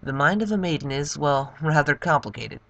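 A young man voicing a boastful, hulking male turtle-dragon king while reading game dialogue aloud, loud and gloating. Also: on the high side, expressive, fairly quick, creaky, highs cut off, exaggerated voice.

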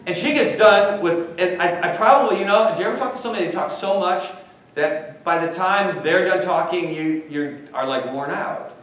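A man giving a university talk, telling an anecdote with animated delivery and questions tossed to the audience. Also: on the high side, slight background noise. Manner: animated storytelling, quizzes the audience. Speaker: guest speaker. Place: large lecture hall. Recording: echoey hall, far from mic.

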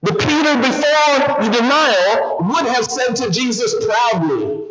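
As guest pastor in a church, a man with an extremely high voice preaches at a measured pace, animatedly firing questions at the congregation throughout. The church recording is slightly dull, and the crowd is audible.

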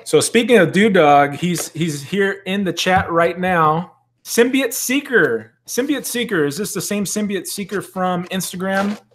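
A man's voice: high voice, unhurried, hardly any pauses, fairly bright tone. Chatty man hosting a toy live stream. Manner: chatty and joking, greets viewers in the chat. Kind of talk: casual live-stream chat. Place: at a desk at home.

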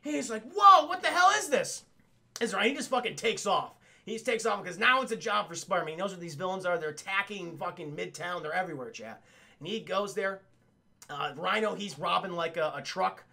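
A man recapping a cartoon episode for a live chat in a casual, profane, excitable way, laughing often. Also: high-pitched, fairly quick, creaky. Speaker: cartoon reviewer streaming to chat.

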